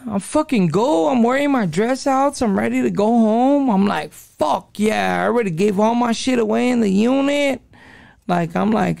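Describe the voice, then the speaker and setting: A man's voice: high voice, gravelly, darkish tone, dry recording, clean studio sound. A man in his forties telling his story as a podcast guest, casual and profane, full of street slang. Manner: profane street slang, calls listener dog.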